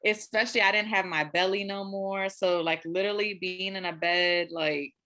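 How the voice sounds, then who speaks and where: A young woman co-hosting a podcast, telling a personal story in relaxed casual chat. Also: mid-range voice, moderate pace. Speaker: podcast co-host.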